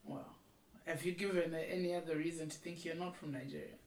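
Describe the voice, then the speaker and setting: A woman's voice: low voice, fairly even intonation, quick pace, darkish tone, far from the mic. A woman from Zimbabwe co-hosting a podcast in casual chat, musing aloud and trailing off. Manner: musing, trailing off in repeated hedges. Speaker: podcast co-host. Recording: echoey room, away from the mic.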